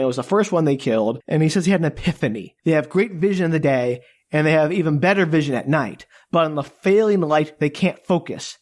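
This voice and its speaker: A podcast co-host casually recapping a film plot, enthusiastic and joking, with many quick asides. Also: medium pitch, a little mellow.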